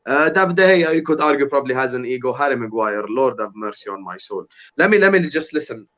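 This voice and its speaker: A young man guesting on a podcast as a rival fan rants heatedly about football and swears often in casual chat. His medium-pitched, fairly bright voice is animated and fast, and the sound is lo-fi.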